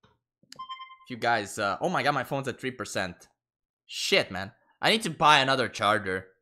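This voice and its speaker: A man's voice: mid-range voice, animated, normal speed, sharp tone, faint music behind. A man streaming a game in casual, profane commentary, laughing and getting sidetracked. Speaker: gaming streamer.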